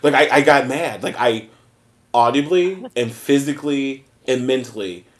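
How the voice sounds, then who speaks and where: A man co-hosts a casual podcast. His voice is mid-pitched. He tells stories with energy, quoting others' lines and laughing as he goes. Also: moderate pace. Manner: animated storytelling, acting out quotes, laughing. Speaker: podcast co-host. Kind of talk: casual chat.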